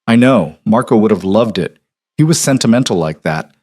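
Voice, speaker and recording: A man voicing a guarded, vulnerable brooding man who talks quietly with calm control. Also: lowish voice, normal speed. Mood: earnest.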